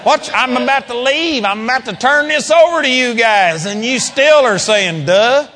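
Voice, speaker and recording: A preacher playing an exasperated scolding teacher. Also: male voice, sits high, sing-song, slow pace, slight background noise, full character voice. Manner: loud, incredulous scolding. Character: exasperated male teacher scolding his followers.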